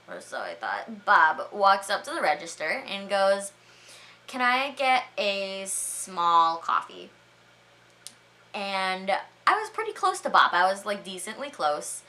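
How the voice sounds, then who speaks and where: A young woman vlogger telling embarrassing stories in a chatty, animated way, full of "like" and "all right?" asides. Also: on the low side. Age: young adult. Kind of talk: storytime vlog.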